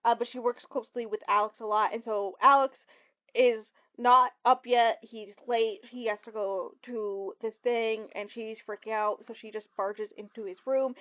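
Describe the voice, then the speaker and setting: A woman co-hosting a podcast, casually recapping a film with lots of ums and quick acted-out quotes. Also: a little high, steady tone. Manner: rambling, lots of ums, acts out quotes in bursts. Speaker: podcast co-host. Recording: dull lo-fi recording.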